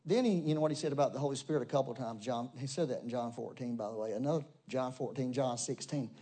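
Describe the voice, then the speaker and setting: A man preaching a sermon, talking straight to his congregation and swinging between loud emphatic bursts and soft low asides. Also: quick pace, breathy edge. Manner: conversational, addresses congregation directly. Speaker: pastor.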